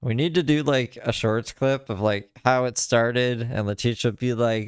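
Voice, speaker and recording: A man's voice: mid-range voice, normal speed, few pauses, clear, resonant tone, dry recording, clean studio sound. A man giving casual reaction commentary on a video, laughing and cracking crude, mocking jokes.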